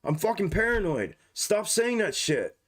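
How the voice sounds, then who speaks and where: A man's voice: sits high, big pitch swings, a little slow, a bit bright. A young man live streaming, rambling casually with heavy slang and lots of swearing. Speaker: stock market live streamer.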